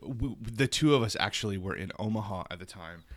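A man co-hosting a podcast in casual chat, chatty and animated, with many fillers. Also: on the low side, fairly quick. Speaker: podcast co-host.

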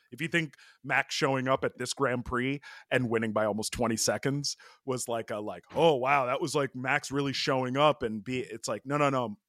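A man co-hosting a podcast in casual sports chat, telling stories in an animated way with lots of "like" fillers. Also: medium pitch, no echo, studio quality. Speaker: podcast co-host.

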